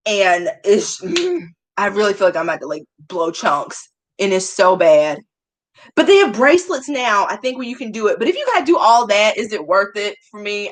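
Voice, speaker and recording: A woman's voice: medium pitch, a bit bright. A young woman chatting casually to her viewers, self-mocking and often laughing. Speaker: vlogger.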